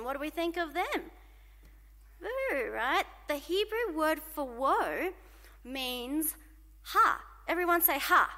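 Woman, sermon, unhurried delivery, long hall reverb, calls for responses. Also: very high voice. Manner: animated, asks the congregation to call out responses. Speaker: preacher. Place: church hall.

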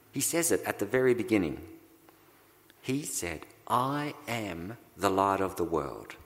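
Male pastor, low gravelly voice, unhurried sermon delivery, reverberant church sound. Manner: slow, deliberate preaching with dramatic pauses.

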